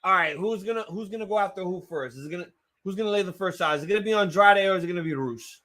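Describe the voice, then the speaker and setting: A man hosting a live wrestling watch-along, reacting with excitable, profanity-laced outbursts while his voice gets strained. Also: high voice, rapid-fire. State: voice getting strained.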